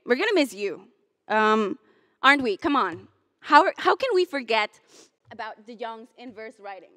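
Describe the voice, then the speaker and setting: A young graduating student gives a commencement speech in a fairly high voice. She moves between heartfelt, tearful moments and teasing jokes for her classmates. The sound is close and dry. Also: expressive, normal speed, pushed and bright, no room sound. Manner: emotional, chokes up and laughs through tears, then jokes with the crowd. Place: hotel ballroom.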